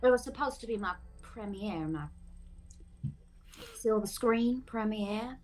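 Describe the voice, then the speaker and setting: A woman voicing a proud young stage and film actress in a tabletop game. She talks in a theatrical, self-assured way, in a mid-pitched voice. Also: expressive, slow, darkish tone, soft background music. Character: proud young actress, showy and quick-witted.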